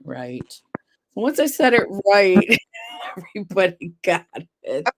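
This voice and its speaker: A woman hosts a casual trivia livestream, reading questions aloud, spelling out words and laughing at her own slips. Her medium-pitched voice swings widely and moves slowly, caught on a rough recording over a loud crowd.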